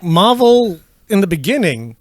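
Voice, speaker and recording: A man's voice: high-pitched, very animated, measured pace, dry recording. A man from Malaysia co-hosting a casual podcast chat, talking animatedly and swearing freely as he acts out reactions. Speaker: podcast co-host.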